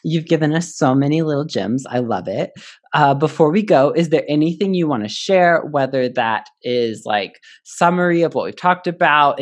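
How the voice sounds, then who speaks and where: A young woman hosting an interview podcast, reacting with gasps and quick affirmations and wrapping up with her guest. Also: very deep voice. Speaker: podcast host.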